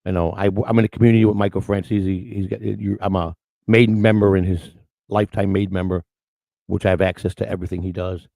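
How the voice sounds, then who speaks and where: A man's voice: low voice, level tone, fast, gravelly, a little mellow, dry recording. An older man hosting a morning show, telling rambling stories with lots of restarts and acted-out quotes. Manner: rambling storyteller with many restarts. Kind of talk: casual rambling chat.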